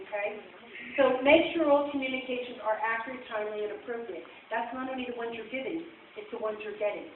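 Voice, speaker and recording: A woman presenting nursing case studies at a convention session and quizzing the audience as she goes. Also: fairly high pitch. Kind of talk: conference talk. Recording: echoey hall from far off, phone-like and noisy.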